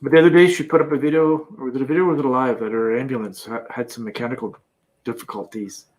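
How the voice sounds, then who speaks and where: A man's voice: mid-range voice, steady tone, fast, darkish tone. A Canadian man hosting a casual live-stream chat from his campervan, reading out viewer comments and laughing often. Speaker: livestream host.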